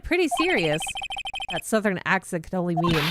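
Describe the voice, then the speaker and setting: Chatty woman streamer with lively pitch. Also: normal speed, noisy background. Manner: chatty, giggly, playful asides. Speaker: streamer playing and voicing a game. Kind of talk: casual live-stream commentary. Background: game music.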